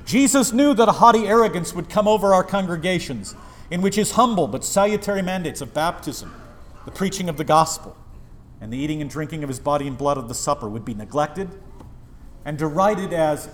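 A man's voice: fairly high pitch, animated, a little fast. A man preaching an impassioned sermon as pastor, with sudden swells in volume.

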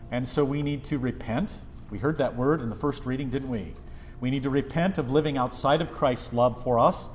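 A man preaching an impassioned sermon as pastor, with sudden swells in volume. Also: fairly high pitch.

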